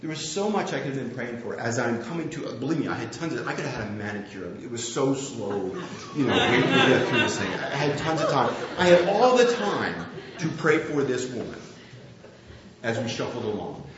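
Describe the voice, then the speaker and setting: A man's voice: mid-range voice, very animated, moderate pace, a crowd in the background. A man preaching a sermon, telling a candid, self-deprecating story about himself. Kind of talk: sermon with personal anecdote. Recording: very echoey, slightly dull room recording.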